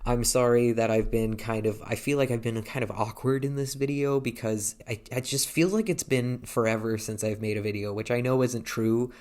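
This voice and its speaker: A man's voice: medium pitch, fairly even intonation, normal speed, hardly any pauses, a little mellow. A man in his thirties talking casually to a handheld camera, hesitant and rambling, with many restarts. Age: 30s. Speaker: vlogger. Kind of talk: casual vlog talk.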